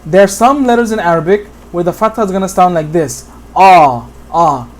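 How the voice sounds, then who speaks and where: Speaking quickly in a medium pitch, a teacher from Bangladesh works through Quran pronunciation at a whiteboard. Examples are repeated patiently, and the teacher often checks that the listener is following.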